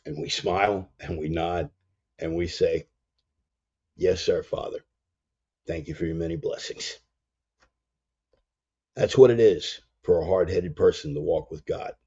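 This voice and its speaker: A man's voice: sits low, dark tone, husky. A man hosting a casual spoken sermon, blunt and slangy, drawing out phrases for emphasis. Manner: emphatic, drawls some phrases. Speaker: preacher and show host. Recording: dull lo-fi sound.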